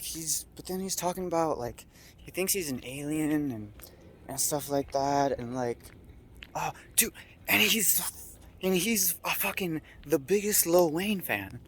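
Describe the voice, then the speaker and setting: A young man telling a rambling story on a street at night, high, swearing and filling every pause with "like" and "uh". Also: slightly rough. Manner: rambling, heavy swearing and filler words. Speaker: vlogger. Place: outdoors on a town street at night.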